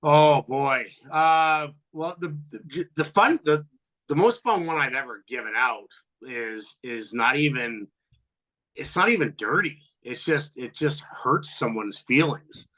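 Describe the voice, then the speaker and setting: A man in his fifties, a former pro hockey player, telling profane locker-room stories as a podcast guest and loudly acting out what people said. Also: mid-range voice, slow. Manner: animated, profane, acts out quotes loudly. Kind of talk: storytelling in a podcast interview.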